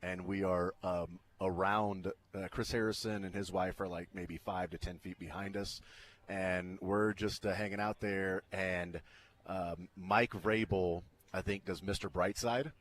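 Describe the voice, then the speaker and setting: A man's voice: deep voice, steady tone, measured pace, fairly bright tone, a little hiss or hum. Rambling male sports radio host. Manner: rambling, filler-heavy, laughs through his stories. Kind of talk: casual on-air storytelling.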